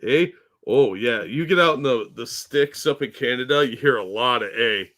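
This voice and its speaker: A man's voice: medium pitch, animated, normal speed, fairly bright tone. A man co-hosting a casual podcast, easygoing, agreeable and joking. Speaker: podcast co-host.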